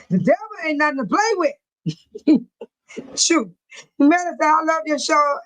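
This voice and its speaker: A woman's voice: high voice, expressive, moderate pace, pauses often, a bit bright, poor audio. A woman hosting a live chat, reading viewer comments aloud and often breaking into laughter, speaking in a folksy, churchy way. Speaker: livestream host.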